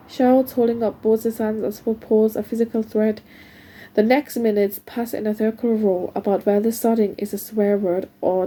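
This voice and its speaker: Husky-voiced woman reading a novel aloud. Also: medium pitch, low-quality recording. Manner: steady first-person narration with light voicing of the dialogue. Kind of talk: reading a book extract aloud.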